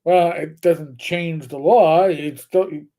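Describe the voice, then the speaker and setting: A middle-aged man from New York, a former police officer, telling stories in casual chat with halting restarts. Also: fairly high pitch, steady tone, warm tone. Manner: rambling, halting, many restarts. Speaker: podcast co-host, retired police officer.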